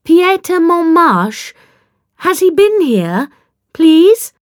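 Woman reading as Charlie, a pleading young woman, high-pitched. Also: sing-song, drawn-out words, no room sound, studio quality, heavily acted.

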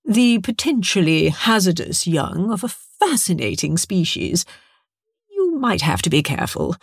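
A woman playing a smug, unflappable gentleman who purrs his lines and swings his pitch around a lot. The sound is dry and close, as in an audiobook. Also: very animated, a little slow, husky, no echo, heavily acted. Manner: smug, purring. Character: smug, composed older gentleman academic.

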